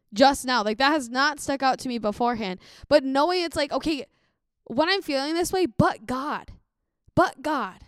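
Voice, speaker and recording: A woman's voice: high-pitched, no room sound. A young woman on a faith podcast, earnest and encouraging, reading scripture aloud. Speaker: podcast co-host.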